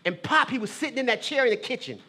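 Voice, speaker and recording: A man's voice: extremely high pitch, expressive, fast talker, bright, forceful tone. A man performing a theatrical monologue, talking casually to his brother with lots of "bro" and "man", confessional and emotional. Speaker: theater artist and poet.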